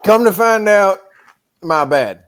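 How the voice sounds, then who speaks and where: A man's voice: sits high, a bit bright, pitched above the performer's own voice, full character voice. A man putting on a boastful Texan drawl. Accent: Texan, put on. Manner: exaggerated mocking drawl.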